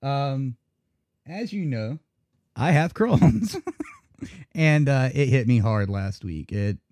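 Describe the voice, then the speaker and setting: A man's voice: medium pitch, expressive, takes it slowly, darkish tone, no echo, clean studio sound. A man hosting a live internet radio talk show, chatting loosely and laughing as he goes. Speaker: host. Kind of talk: casual live radio chat.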